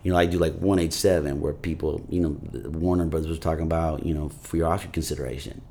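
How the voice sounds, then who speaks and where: Deep-voiced man, rambling interview guest. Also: fast talker, a little hiss or hum. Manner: rambling, heavy use of "you know" fillers; animated storytelling, voices his grandfather. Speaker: actor guest. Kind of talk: casual interview talk.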